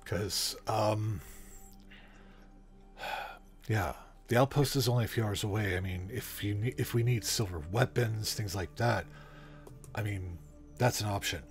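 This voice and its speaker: A man's voice: on the low side, unhurried, long pauses, faint music behind. A man playing in a tabletop game, talking in a hesitant way full of fillers and restarts. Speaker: player. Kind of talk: casual tabletop game talk.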